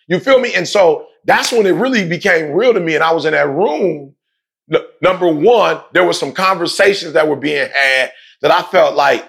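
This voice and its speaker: A man's voice: fairly high pitch, moderate pace, vocal fry. A man speaking emphatically in a casual, slangy way, telling a personal story and repeating points for emphasis. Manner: emphatic, repetitive, slangy, animated. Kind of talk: passionate conversational storytelling.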